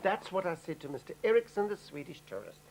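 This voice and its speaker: A man's voice: high-pitched, big pitch swings, fast, a little hiss or hum, low-quality recording. An actor playing a chattering, self-important white Johannesburg woman with a South African accent in a TV comedy. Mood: brassy. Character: brash gossipy middle-aged white Johannesburg woman. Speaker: comic lead. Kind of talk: TV comedy acting.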